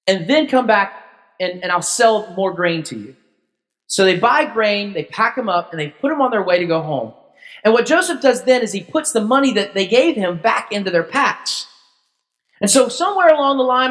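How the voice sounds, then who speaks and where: A man's voice: sits high, fairly bright tone. A man preaching as a pastor, telling the story informally, with jokes, and acting out the characters. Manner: informal, joking, acts out characters. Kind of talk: conversational sermon storytelling. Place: church hall. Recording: long church-hall reverb.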